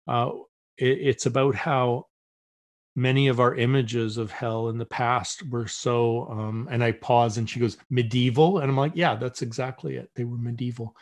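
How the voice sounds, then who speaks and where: A man's voice: medium pitch, steady tone, moderate pace. A middle-aged man as a podcast guest, telling a story in casual conversation and acting out the voices he quotes, with many restarts.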